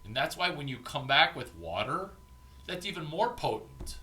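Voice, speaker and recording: A man giving an informal, profane coaching talk as an entrepreneurship mentor, animated and acting out bits of banter. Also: a little high, moderate pace.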